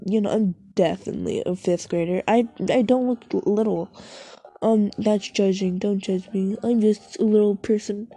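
She has a mellow voice of medium pitch. Browsing online, the vlogger chats casually, drifting off topic, swearing, giggling and cutting herself short, as music plays faintly.

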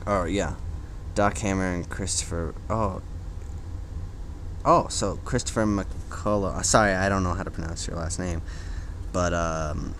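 A man hosting a solo podcast, rambling casually with lots of fillers and quick laughing asides. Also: low voice, steady tone, fairly bright tone, slight background noise. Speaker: podcast host.

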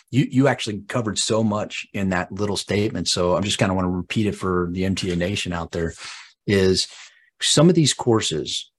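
A male podcast host summing up points in a relaxed, reflective way. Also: on the low side, breathy edge. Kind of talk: casual podcast conversation.

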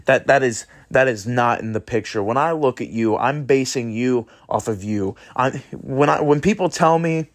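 A man's voice: medium pitch, normal speed, hardly any pauses. A man hosting his own podcast, talking in an earnest, rambling way and swearing freely as he urges listeners toward kindness. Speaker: podcast host. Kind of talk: casual motivational monologue.

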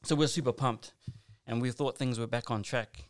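A man's voice: mid-range voice, fairly even intonation, normal speed, no room sound. A man telling a personal story in casual conversation, rambling and earnest with lots of asides and restarts.

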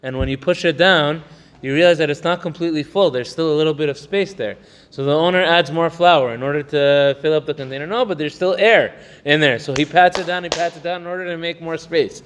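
A man teaching a religious text. He reads Hebrew passages quickly, explains them in English in a chatty way, and often asks "right?". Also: fairly high pitch, big-room sound, a little hiss or hum. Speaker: Torah teacher. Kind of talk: text study lesson.

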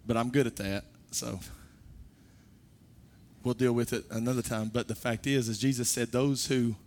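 A man preaching a sermon, moving from quiet, low talk to loud, high-pitched exhortation. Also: fairly even intonation, moderate pace.

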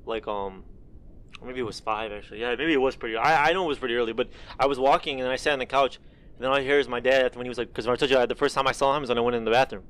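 A man's voice: medium pitch, steady tone, racing, a bit bright, clear, resonant tone. A young man telling a rambling story to friends in casual chat, full of fillers and swearing.

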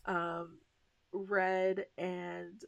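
A woman's voice: fairly low pitch, little pitch movement, drawn-out words, creaky, no room sound. A woman co-hosting a podcast, chatting casually and animatedly, swearing now and then. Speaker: podcast co-host. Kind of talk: casual chat.

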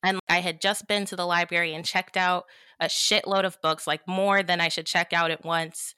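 A woman hosting a podcast, telling a story in an animated, chatty way with casual swearing and plenty of "like". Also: on the low side, moderate pace, smooth, no echo, studio quality. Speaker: podcast host.

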